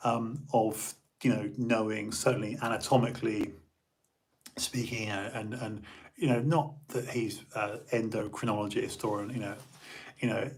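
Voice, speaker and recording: A man's voice: on the low side, steady tone, moderate pace, a little mellow, slight background noise. An English man hosting a livestream, chatting casually and rambling with lots of fillers and restarts. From England. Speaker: livestream host. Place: home.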